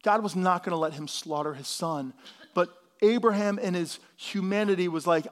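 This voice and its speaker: High-voiced pastor preaching casually. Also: male voice, moderate pace, a bit bright. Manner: casual preaching, slangy asides. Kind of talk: sermon.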